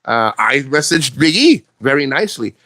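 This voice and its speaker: A man's voice: mid-range voice, very animated, normal speed, sharp tone, no echo. A man talking casually to camera in a blunt, profane, rambling way, restarting his sentences often. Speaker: vlogger.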